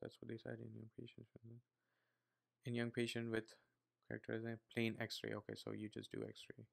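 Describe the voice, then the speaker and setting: A young man with an Indian accent reading medical study notes aloud, with many fillers and quiet muttered asides. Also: fairly low pitch, monotone, normal speed, creaky. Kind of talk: casual read-aloud study session.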